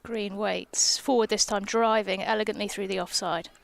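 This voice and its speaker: A woman's voice: mid-range voice, steady tone, normal speed, vocal fry, no room sound. A woman cricketer doing guest commentary on a live match from an outdoor gazebo, playful and teasing, on a headset mic. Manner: playful, teasing, giggly banter. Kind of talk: live sports commentary, casual chat. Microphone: headphones with mic.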